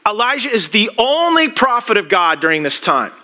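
A man preaching a sermon as pastor, talking in an animated, rambling way with many restarts and asides. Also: high-pitched, moderate pace.

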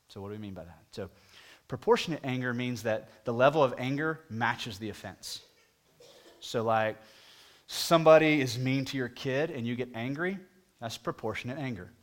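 Preaching to his congregation, a pastor speaks conversationally and poses questions straight to them. Whenever he stresses a point, his voice rises in both pitch and volume.

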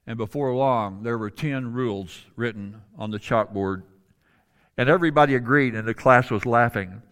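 A man preaching a sermon, telling a story with dramatic swings between loud and hushed delivery. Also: medium pitch, moderate pace, clear, resonant tone.

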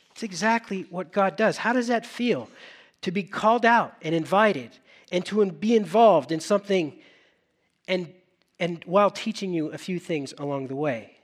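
Animated man preaching a sermon. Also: sits high. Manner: animated storytelling, acting out dialogue. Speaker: pastor.

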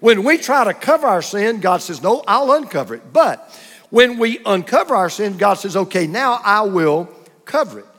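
Emphatic high-voiced male preacher. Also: sing-song, moderate pace, a bit bright, in a large hall. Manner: emphatic, repeats points, uses a punchy joke and short contrasts. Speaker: pastor. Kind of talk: sermon.

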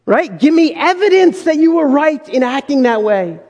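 A man's voice: very high-pitched, lively intonation, moderate pace, hardly any pauses, darkish tone, big-room sound. A male pastor preaching a sermon in an emphatic way, full of rhetorical questions.

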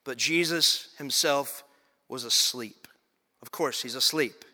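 A man's voice: medium pitch, slow, sharp tone, big-room sound. A man pastor preaching a sermon, building his points through repetition and rising emphasis.

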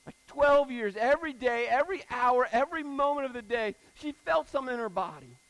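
A man preaching a sermon in a casual, animated style, repeating phrases for emphasis. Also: very high voice, fairly quick, dry recording, poor audio.

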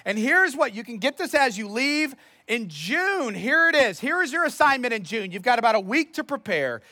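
A man's voice: very high-pitched, big pitch swings, normal speed, sharp tone, no echo. A man preaching a sermon as pastor, telling stories in a conversational, self-deprecating way.

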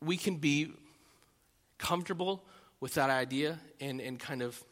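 A man, a pastor, preaching a sermon, swinging from loud emphatic lines to quiet, intimate asides. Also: fairly high pitch, unhurried. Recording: long reverb of a large hall.

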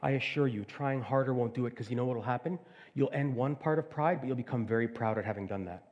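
A middle-aged man preaching a sermon, retelling a fairy tale in a lively storytelling manner before drawing out the lesson. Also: mid-range voice, quick pace, dull audio. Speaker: pastor.

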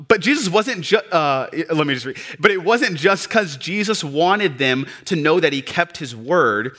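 Male pastor, slightly high voice, bright tone, swings from hushed to fired-up preaching. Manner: builds from hushed to loud, passionate preaching. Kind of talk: sermon.

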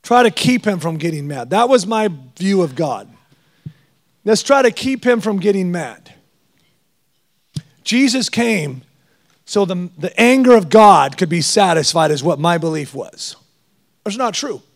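A middle-aged man preaching a guest sermon, animated and storytelling with jokes. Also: sits high, measured pace, gravelly, pauses often.

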